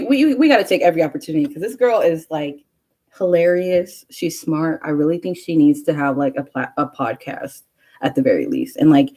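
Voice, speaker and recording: Young woman vlogger with a low, mellow voice, chatty and rambling. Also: breathy edge, rough recording. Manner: rambling, chatty storytelling with many fillers. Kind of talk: casual chat.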